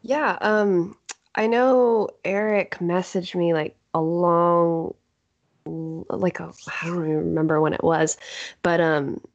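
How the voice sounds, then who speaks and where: Female podcast guest, chatty and rambling, slightly low voice. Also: steady tone, takes it slowly, dull audio. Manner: rambling, full of fillers, laughs often. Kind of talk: casual roundtable chat.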